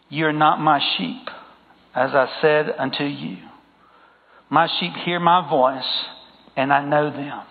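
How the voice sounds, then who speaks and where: Male preacher, slightly high gravelly voice, sermon to a congregation, thin phone-like sound in a reverberant church. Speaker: pastor. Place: church sanctuary. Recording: tinny phone-like sound with long hall reverb.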